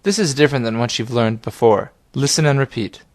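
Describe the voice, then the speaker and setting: A man guiding a language lesson in a calm, scripted instructional manner. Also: mid-range voice, a little fast, no room sound, studio quality. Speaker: language teacher.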